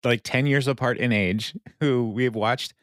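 A man co-hosting a podcast, recapping a TV episode in an animated, casual way with many filler sounds. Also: mid-range voice, normal speed. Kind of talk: casual chat.

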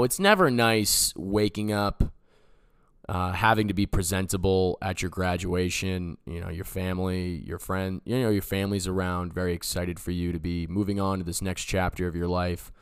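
Low-pitched, clear and resonant, this man in his twenties talks at a moderate pace with fairly even intonation, recorded in a clean studio with no room sound. As a podcast host, he rambles through a personal story in casual style, using "like" and "you know" constantly.

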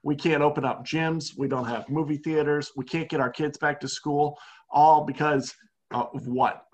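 A man's voice: fairly high pitch, steady tone, moderate pace. A man co-hosting a casual podcast, ranting heatedly with a sarcastic edge. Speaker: podcast co-host. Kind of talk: heated casual political chat.

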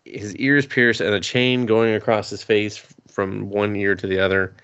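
A man's voice: on the low side, flat delivery, moderate pace, a bit bright, clear, resonant tone, highs cut off. A man casually recapping an anime on a podcast, rambling and laughing, acting out the characters' lines with plenty of swearing. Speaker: podcast co-host.

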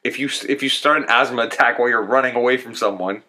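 A man's voice: medium pitch, fast, pushed and bright. A man co-hosting a casual chat, teasing and joking in banter.

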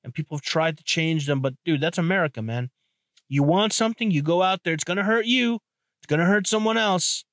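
A young man with a slightly high voice holds forth on his podcast in a loose, profane ramble. He keeps circling back with restarts and asides. The sound is dry and close, with no room around it. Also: a little fast, a bit bright, dry recording. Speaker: podcast host. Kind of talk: casual solo podcast monologue.

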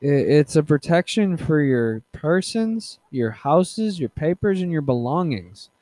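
A man hosting a casual solo podcast, rambling with many fillers, restarts and halting pauses. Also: on the high side, big pitch swings, dark tone, no echo. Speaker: podcast host.

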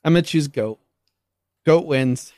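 A man co-hosting a casual comedic chat, playful and quick to laugh. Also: on the high side, mellow, no echo. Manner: giggly and playful, laughs often.

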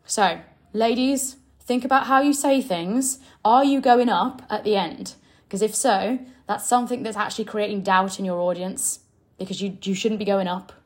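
A woman's voice: medium pitch, moderate pace, a little mellow. A young woman giving blunt, emphatic coaching advice straight to her audience. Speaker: sales coach. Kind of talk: direct coaching talk to camera.

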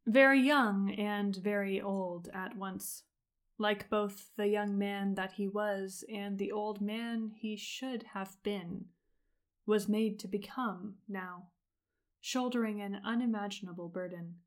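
A woman narrating a story in a slow, even reading voice. She takes her time with each line and keeps a steady, measured tone throughout. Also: medium pitch. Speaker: audiobook reader of fan fiction. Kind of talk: scripted narration.

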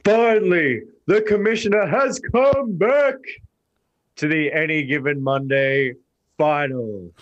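A man's voice: fairly high pitch, dull audio, pitched above the performer's own voice. A man on a video call from a bathroom playing a swaggering wrestler in a mock promo, trash talking. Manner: swaggering trash talk, drawn-out delivery. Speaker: fantasy league commissioner. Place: bathroom, door shut.

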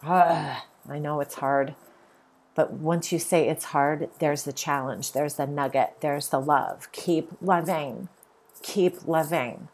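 Middle-aged woman, podcast host; low husky voice, earnest spiritual monologue, repeats lines for emphasis. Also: little pitch movement, a little slow, darkish tone.

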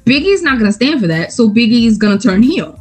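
A woman co-hosting a casual talk show, blunt and profane, acting out other people's lines and laughing loudly. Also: on the high side, very animated, brisk, breathy edge, faint music behind. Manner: blunt, swears freely, acts out quotes. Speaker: podcast co-host. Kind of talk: casual chat.

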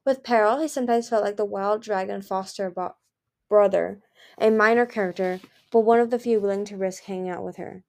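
Her tone is steady and a little mellow as this woman, a devoted fan, reads a chapter of a novel out loud. The narration goes quickly, and the dialogue comes out higher and louder.

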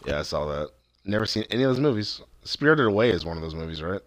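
A man with a lowish voice talks in a relaxed, profane way, trailing off into fillers. His voice is dry and close on a headset. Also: fast talker, dry recording. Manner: laid-back, profane, mumbling fillers. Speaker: friend on voice call. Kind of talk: casual chat over voice call.

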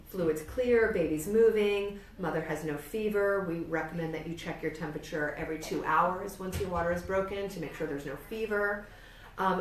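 A woman's voice: lowish voice, a little hiss or hum. New York-accented woman teaching, roomy distant sound. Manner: explanatory, checks in with "right?" often. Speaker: midwife or birth educator. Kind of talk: instructional demonstration. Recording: roomy, distant mic, faint ambience.

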